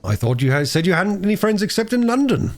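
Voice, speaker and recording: A man's voice: sits high, big pitch swings, fast talker, voice pushed up. A man reading aloud voices an inquisitive village station master. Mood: curious. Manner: inquisitive questioning.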